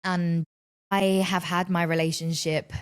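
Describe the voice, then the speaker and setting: Woman, 30s, solo podcast host; candid, expressive, profane, conversational delivery. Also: fairly low pitch, unhurried, clear, resonant tone. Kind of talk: casual solo podcast monologue.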